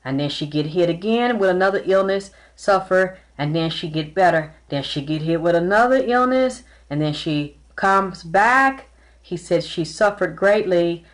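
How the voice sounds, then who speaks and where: A woman giving a live-streamed tarot and spirit reading, talking earnestly and emotionally, often repeating herself. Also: fairly low pitch. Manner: close to tears at times. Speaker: tarot reader and psychic.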